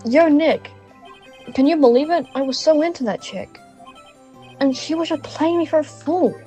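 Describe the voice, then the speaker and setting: A woman's voice: high-pitched, normal speed, warm tone, soft background music, natural voice. A young woman voicing a whiny, lovesick young man in a put-on Texan drawl, reading game dialogue aloud. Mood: moping.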